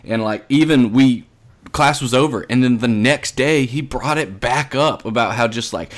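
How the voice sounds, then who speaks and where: A young man co-hosting a podcast, telling stories in a casual, animated way, often laughing and mimicking the people he quotes. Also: medium pitch, moderate pace. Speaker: podcast co-host. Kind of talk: casual storytelling chat.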